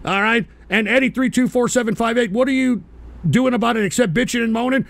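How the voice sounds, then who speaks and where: A man's voice: very high-pitched, fairly quick, creaky, a bit bright, no echo. A middle-aged American man hosting a radio talk show, ranting profanely and abrasively at his chat. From United States.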